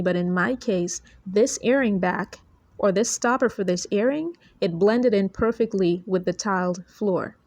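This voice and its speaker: A woman delivering a prophetic word to her online followers in an earnest, measured preaching manner, speaking from a noisy spot. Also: mid-range voice, a little mellow, no room sound. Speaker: prophetic minister.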